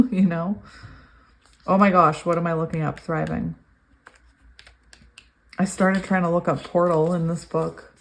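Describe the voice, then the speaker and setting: Woman tarot reader, lowish voice, gushing and giggly, reads card messages in steady cadence. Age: adult, long sober. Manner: excitable, gushing, laughs often. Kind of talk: pick-a-card tarot reading.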